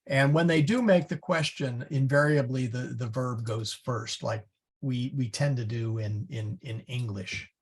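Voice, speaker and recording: A man's voice: medium pitch, a little slow, slightly rough. A man teaching a small Latin class, thinking aloud as he clicks through slides and explains grammar. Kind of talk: informal class discussion.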